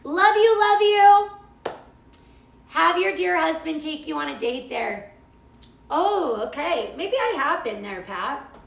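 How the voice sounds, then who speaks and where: A middle-aged woman chats her way through a live cooking stream, gushing and answering viewer comments. Her voice sits high and bright, with a gravelly edge of fry. The sound is roomy and echoey. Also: big pitch swings, measured pace, slight background noise. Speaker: cooking show host.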